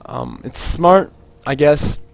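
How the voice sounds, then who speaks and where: A man's voice: fairly high pitch, takes it slowly, gravelly. Rambling young male game caster. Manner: rambling, jokey, lots of "like" fillers. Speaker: esports caster. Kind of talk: solo play-by-play commentary.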